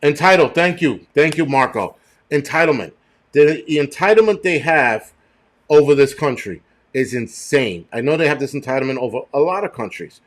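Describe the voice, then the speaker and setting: A man's voice: on the high side, expressive, moderate pace. Middle-aged male streamer, profane, rambling, chatty livestream commentary. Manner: rambling and profane, thanks chat viewers. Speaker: show host.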